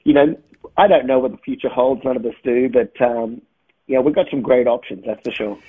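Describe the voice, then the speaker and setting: A man with an Australian accent softened by years in America, a touring musician rambling easily through a phone interview. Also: medium pitch, a little fast. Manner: rambling, restarts often, laughs easily. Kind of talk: phone interview, thinking aloud. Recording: tinny phone line, husky.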